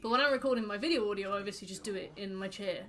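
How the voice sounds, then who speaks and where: A woman's voice: mid-range voice, very fast, a crowd in the background. A woman streaming a game, chatting casually with her viewers in a rambling, playful way. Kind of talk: casual chat while gaming.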